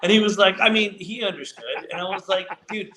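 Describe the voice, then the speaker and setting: A man's voice: sits high, a little fast, bright, forceful tone. A man hosting a casual podcast, laughing a lot and swearing as he chats. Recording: echoey room.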